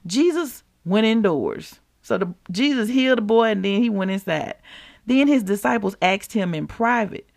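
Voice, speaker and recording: A woman hosting a devotional show, reading scripture and teaching listeners in an animated, conversational way, calling them y'all. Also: medium pitch, moderate pace, vocal fry. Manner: animated, laughs often, addresses listeners as y'all. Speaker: podcast host and preacher.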